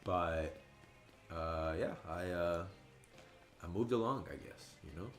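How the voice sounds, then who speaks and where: A man in his twenties chatting casually on a gaming livestream, telling stories and jumping high and loud when he quotes his friends. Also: slow pace, faint music behind. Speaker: streamer. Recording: roomy echo.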